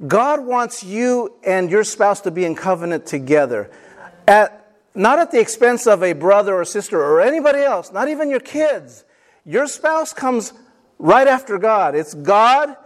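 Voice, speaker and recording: A middle-aged male pastor preaching a sermon, telling stories and calling the congregation to answer amen. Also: high-pitched. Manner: calls for amens, tells stories.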